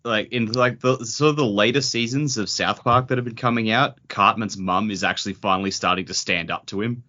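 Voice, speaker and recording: A man joking around on a book discussion podcast, spinning out ridiculous scenarios. His voice sits low but has a bright, forceful tone. The sound is a little dull and lo-fi. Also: fairly quick. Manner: joking, riffs on absurd scenarios. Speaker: podcast co-host.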